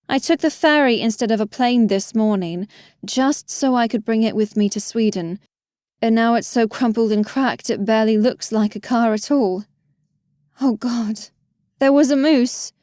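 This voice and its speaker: A woman's voice: fairly high pitch, normal speed, darkish tone, no room sound. Woman audiobook narrator, wry first-person read, dry close-mic booth sound. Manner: wry, self-deprecating inner voice.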